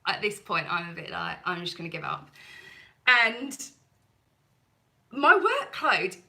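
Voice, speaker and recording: A woman's voice: lowish voice, lively intonation, moderate pace, vocal fry, bright, forceful tone, poor audio. A woman hosting a cleaning channel, chatting through a live stream with viewers in a rambling, self-deprecating way.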